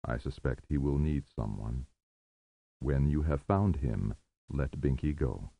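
Death, gravelly and cavernous. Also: male voice, extremely low pitch, lively intonation, exaggerated voice. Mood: solemn. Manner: slow, measured, commanding. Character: ancient grim male Death figure, solemn. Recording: narrow tinny phone-like sound.

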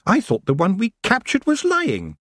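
A man voicing a proud, imperious female elf, a former queen, high and cold. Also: wildly swooping pitch, moderate pace, a bit bright, no echo, studio quality, heavily acted. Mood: haughty.

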